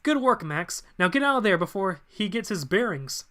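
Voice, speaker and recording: A man's voice: sits high, very animated, moderate pace, pushed and bright, voice pushed up, heavily acted. A man voicing an earnest, anxious male robot surgeon who gives urgent instructions.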